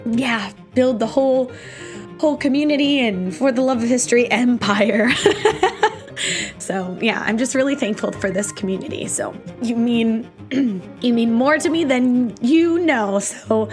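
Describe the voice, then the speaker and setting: A woman's voice: on the high side, unhurried, darkish tone, soft background music. A woman hosting a history podcast, chatting in a rambling, gushing and heartfelt way during a live recording. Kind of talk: casual live podcast chat.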